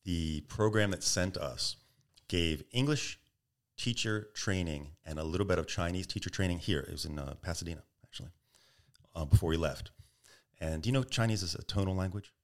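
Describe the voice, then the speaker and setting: A man's voice: low voice, brisk. A middle-aged man, a podcast guest, telling stories animatedly and acting out the quotes. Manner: animated storyteller, acts out tones and quotes. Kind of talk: storytelling interview.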